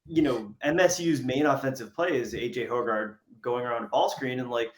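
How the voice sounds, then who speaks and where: A man from Canada, a guest on a sports podcast, talking through his analysis in a relaxed way with lots of fillers. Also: medium pitch, brisk. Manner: relaxed, thinking aloud with many fillers. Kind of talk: casual sports analysis chat. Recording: echoey room.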